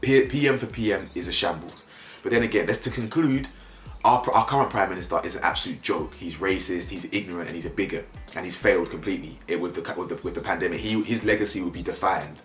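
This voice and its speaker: Worked-up young man ranting. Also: fast talker. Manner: animated, gets worked up, voice jumps high when indignant. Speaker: YouTube commentator. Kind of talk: opinionated commentary vlog. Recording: roomy echo, faint music behind.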